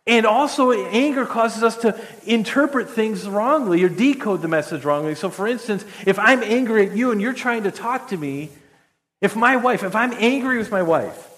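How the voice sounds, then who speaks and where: A man's voice: high voice, animated, moderate pace, fairly bright tone. Male pastor, standing, chatty sermon delivery with restarts; long hall reverb. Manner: conversational, repeats words when restarting. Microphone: standing while speaking.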